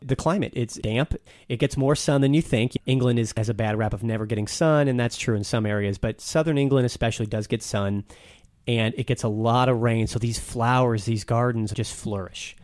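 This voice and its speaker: A man's voice: mid-range voice, fairly quick, a little mellow, no echo. Guy gushing on a podcast, dry close mic, rambly stories. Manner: enthusiastic, storytelling, some restarts. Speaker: podcast guest, castle enthusiast. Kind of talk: casual podcast conversation.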